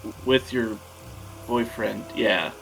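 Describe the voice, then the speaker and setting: A man's voice: lowish voice, slow, vocal fry, a bit bright, soft background music, low-quality recording. A man playing a tabletop role-playing game, talking casually and hesitantly, joking with the others.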